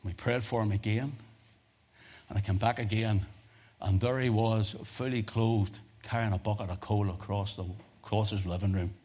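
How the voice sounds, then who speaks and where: Male preacher, low husky voice, animated sermon storytelling with loud and hushed swings. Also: moderate pace. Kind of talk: sermon with personal testimony stories.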